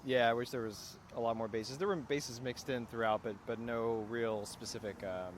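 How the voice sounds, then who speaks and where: A man's voice: mid-range voice, steady tone, normal speed, noisy background. A man chatting as a reluctant podcast guest, speaking briefly and hesitantly with many fillers. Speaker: podcast guest, co-host's partner. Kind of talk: casual chat. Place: outdoors, in a parked car.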